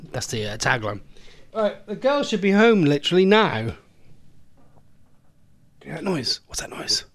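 A man's voice: high voice, sing-song, moderate pace, pauses often, a bit bright, dry recording. Chatty English man hosting a radio show. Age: adult, a former smoker. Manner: chatty, rambling, self-interrupting. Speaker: host of an online radio phone-in. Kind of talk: casual solo radio chat.

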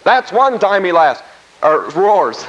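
A man delivers a folksy, emphatic sermon, leaning on repeated scripture phrases. His voice sits high and swings widely in pitch. The recording is dull and lo-fi. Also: sing-song, slow, fairly bright tone. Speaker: preacher.

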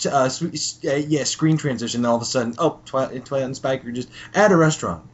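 A young man co-hosting a podcast, chatting casually and profanely about a cartoon episode and acting out the characters in squeaky voices. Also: fast talker. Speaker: podcast co-host. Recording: dull lo-fi podcast recording.

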